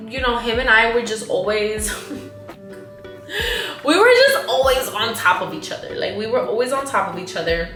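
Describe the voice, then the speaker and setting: A woman's voice: a little high, echoey room. A woman in her twenties, a vlogger telling a story in casual chat, acting out the people she quotes. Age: 20s. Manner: animated, acts out quotes, says like a lot.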